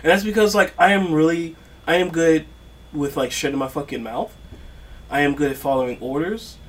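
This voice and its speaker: A man's voice: on the high side, normal speed. A young man co-hosting a podcast, telling stories in a laid-back, profane way. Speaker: podcast co-host. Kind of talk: casual storytelling chat.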